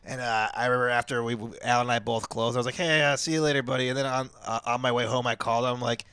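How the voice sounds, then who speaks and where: A man's voice: medium pitch, completely flat delivery, quick pace, a bit bright, smooth, no room sound. A man on a comedy podcast who teases his friends playfully, laughs often and riffs on absurd stories. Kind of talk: casual comedic chat.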